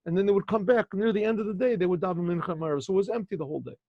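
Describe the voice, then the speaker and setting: Gravelly, high-voiced rabbi telling a story. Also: male voice, very fast, dry recording, lo-fi sound. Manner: conversational, digressive, asks listeners. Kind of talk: storytelling lesson. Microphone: video call.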